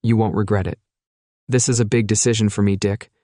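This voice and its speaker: A man's voice: on the low side, fairly even intonation, fairly quick, mellow, a little hiss or hum, lightly acted. A man reading a wife's earnest lines. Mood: eager. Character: adult wife talking with her husband.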